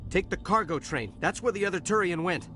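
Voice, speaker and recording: A stammering, rattled dock worker. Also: male voice, sits high, a little fast. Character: nervous, shaken male dock worker, adult. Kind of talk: video game voice acting. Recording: game audio with steady background noise.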